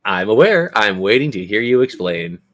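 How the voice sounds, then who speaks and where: A man's voice: fairly low pitch, sing-song, normal speed. A man narrating a tabletop game as game master, with dramatic, descriptive narration at an uneven pace.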